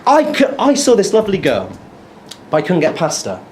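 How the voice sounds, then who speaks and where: A man's voice: high-pitched, wildly swooping pitch, fairly quick, very noisy. A young man doing a stand-up set, telling a story and acting out his own lines. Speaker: stand-up comedian. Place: comedy club stage. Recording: echoey room, audible crowd. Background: audience laughter.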